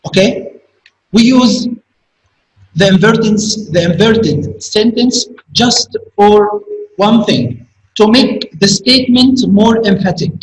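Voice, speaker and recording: A man teaching a grammar lesson, speaking slowly and repeating key words for emphasis. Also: high voice, a little hiss or hum. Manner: slow, repetitive, stresses key words. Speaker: high school English teacher. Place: classroom. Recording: echoey room, voice from a distance.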